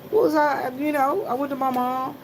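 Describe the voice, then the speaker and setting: A woman's voice: high voice, normal speed. Chatty woman vlogger, noisy background. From South Carolina. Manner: chatty storytelling, greets commenters. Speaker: vlogger working a gas station shift. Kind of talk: casual chat to viewers.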